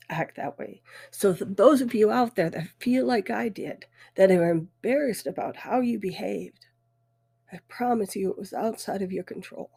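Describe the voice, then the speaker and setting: A middle-aged woman tells her own story on her podcast, halting and close to tears. Her voice is husky and breathy, with a mellow, dark tone. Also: medium pitch. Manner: emotional, halting, voice breaking. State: weepy. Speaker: podcast host. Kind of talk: personal storytelling.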